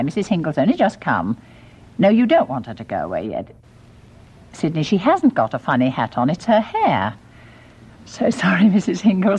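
A woman's voice: fairly low pitch, darkish tone, breathy edge, full character voice. A woman playing a prim, gushing nursery teacher who talks in a sugary, patronising, falsely patient way.

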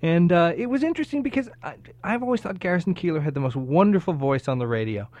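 A man's voice: on the high side, lively intonation, fast talker, a little mellow, no room sound, lo-fi sound. Male radio host doing an intro, dry close mic, conversational. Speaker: radio interviewer and program host. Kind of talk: radio host narration and interviewing.

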